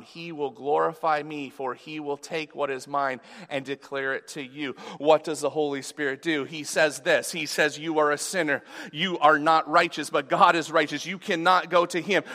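High, bright-voiced preaching man. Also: long reverb tail. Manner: emphatic, conversational preaching with rising exclamations. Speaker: pastor. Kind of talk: sermon. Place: church sanctuary.

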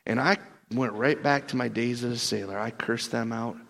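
A man performing a burly, blunt apostle in a rambling, excitable first-person sermon monologue. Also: medium pitch, normal speed, gravelly. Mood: rowdy. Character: burly rough-talking apostle Peter, impulsive and blunt.

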